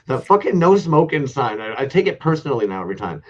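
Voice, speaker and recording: A man's voice: mid-range voice, big pitch swings, quick pace, lo-fi sound. A man co-hosting a casual online toy show, a rambling, profane storyteller. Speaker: podcast co-host. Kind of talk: casual chat with heavy swearing.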